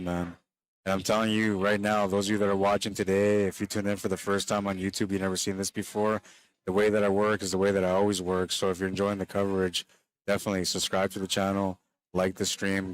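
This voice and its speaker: A low-pitched man chats his way through live play-by-play of a pool match, addressing his stream audience directly. He sounds somewhat worn down late in the day, with no room sound in the recording.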